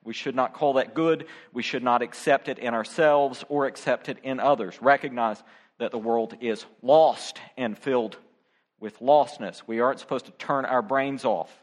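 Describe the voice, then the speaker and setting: A man's voice: mid-range voice, normal speed. A middle-aged man preaching a sermon as pastor, speaking directly and emphatically to his congregation. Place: church.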